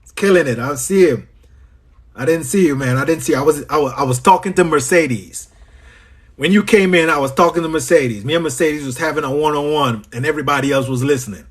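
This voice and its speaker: A business coach from Trinidad and Tobago, speaking with a Trinidadian accent, runs a livestream Q&A. His voice is a little high and fairly quick with a breathy edge, and he chats away, greets viewers by name and repeats his phrases.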